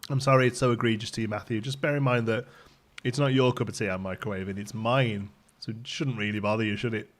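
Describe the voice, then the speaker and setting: A man's voice: on the low side, fairly even intonation, fast. Casual young male streamer, bantering with chat, easy laughter. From Britain. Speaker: livestream host. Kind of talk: casual live-stream chat reading viewer messages.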